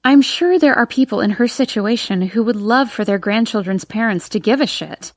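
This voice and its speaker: A woman narrating a first-person audiobook in an expressive, emotional reading. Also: on the high side, moderate pace, dry recording, clean studio sound.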